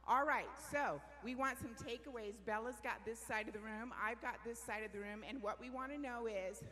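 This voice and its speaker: Bright, energetic woman presenter in a hall. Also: a little high, normal speed. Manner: energetic, asks the audience questions. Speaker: workshop presenter. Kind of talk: live business workshop talk. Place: large meeting room with audience.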